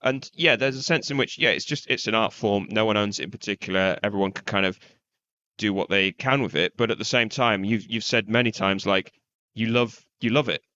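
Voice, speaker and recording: Low guy co-hosting, kinda muffled lo-fi sound, hesitant rambly chat. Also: brisk, sharp tone. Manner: hesitant, loose, many restarts and fillers. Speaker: podcast co-host. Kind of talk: casual podcast chat.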